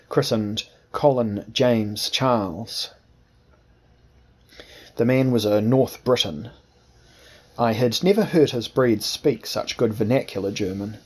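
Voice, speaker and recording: Husky-voiced male audiobook narrator. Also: lowish voice, darkish tone. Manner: measured, formal storytelling. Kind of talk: scripted first-person narration.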